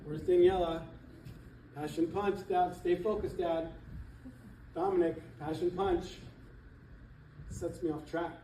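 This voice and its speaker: A middle-aged man, a real estate coach, giving an animated motivational seminar talk to an audience in a church hall. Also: high voice, slow, pauses often, slight background noise. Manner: emphatic, animated, laughs between points. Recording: echoey hall, voice from far off.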